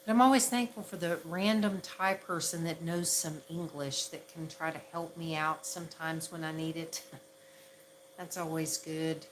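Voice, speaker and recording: A woman's voice: deep voice, fairly even intonation, measured pace, a little hiss or hum, low-quality recording. A woman from the Southern United States with a Southern accent, chatting casually on a livestream and laughing at herself often. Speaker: ASMR livestream host.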